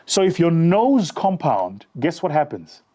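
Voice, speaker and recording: A man giving a motivational talk, his pitch riding a little high and swinging widely as he tells the story. The tone is mellow and dark rather than bright, and he talks straight to his audience. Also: measured pace. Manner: animated, addresses listeners directly, acts out dialogue. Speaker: motivational speaker.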